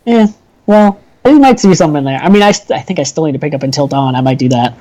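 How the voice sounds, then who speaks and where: A man's voice: a little high, fast talker, warm tone, a little hiss or hum, rough recording. A man co-hosting a gaming podcast, talking in an easygoing way and laughing often. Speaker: podcast co-host. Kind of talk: casual chat.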